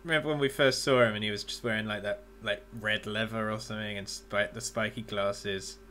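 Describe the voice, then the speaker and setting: A laid-back man steering a casual podcast chat, cursing easily. A faint hum sits under his ordinary mid-pitched voice. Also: steady tone, brisk, pushed and bright. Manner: laid-back, swearing freely.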